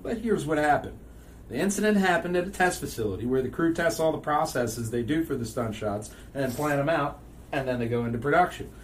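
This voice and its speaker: A man hosting a casual podcast, telling stories with frequent loud laughter. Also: fairly high pitch, brisk. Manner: loud laughing, animated storytelling. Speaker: podcast host. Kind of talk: casual chat. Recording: distant mic, faint noise.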